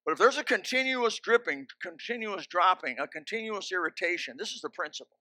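A man's voice: high voice, lively intonation, fairly quick, bright, forceful tone, no room sound. A man preaching a sermon in a church into a microphone, with emphatic, repeated commands and joking asides. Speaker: pastor. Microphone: handheld or stand microphone.

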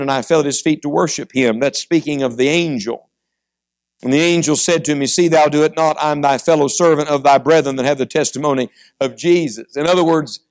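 High-voiced fervent male preacher. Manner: swings between quiet storytelling and rising fervent exhortation. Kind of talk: sermon.

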